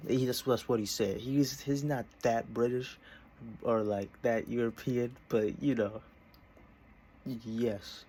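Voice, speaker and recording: A man's voice: medium pitch, fairly even intonation, slow, warm tone, slight background noise. A young man in a casual vlog, talking from his desk in a meandering, self-interrupting way. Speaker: vlogger.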